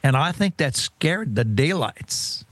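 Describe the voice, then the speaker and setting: A man hosting a political interview, speaking in a measured way with frequent ums and uhs. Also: on the high side, sing-song, a bit bright, no room sound. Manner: measured, with many hesitant fillers. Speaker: show host.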